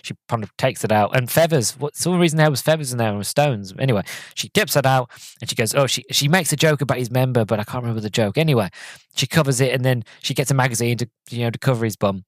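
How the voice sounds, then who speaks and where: A young man in his twenties talks through a movie on his own podcast, rambling and animated, often stopping to restart a thought. His voice sits at a middle pitch and jumps up when he gets excited. The sound is dry and close, with no room echo. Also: fast talker. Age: 20s. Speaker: podcast host. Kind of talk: casual solo movie review podcast.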